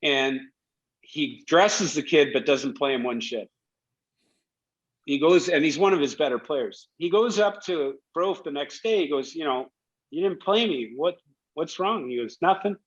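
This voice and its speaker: A middle-aged man, a guest, telling stories from his playing days in a casual, animated way, laughing as he goes. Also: on the high side, measured pace. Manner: animated storyteller who laughs while telling anecdotes. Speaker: guest, former hockey player. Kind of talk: casual storytelling. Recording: dull lo-fi audio.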